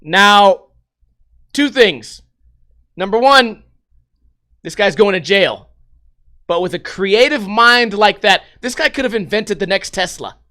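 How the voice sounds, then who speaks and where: Comic host reacting to headlines, bright voice, big swings in pitch. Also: male voice, slow pace, long pauses. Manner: animated, profane, laughing asides. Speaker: comedy commentator. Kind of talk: comic reading of news articles.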